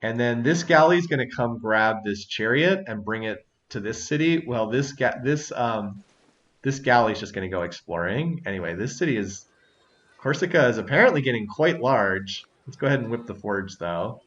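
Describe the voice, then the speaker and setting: A man's voice: medium pitch, lively intonation, moderate pace, fairly bright tone, highs cut off. A man hosting a strategy game session, chatting casually, thinking aloud and laughing often. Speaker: let's-play host. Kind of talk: casual gameplay commentary.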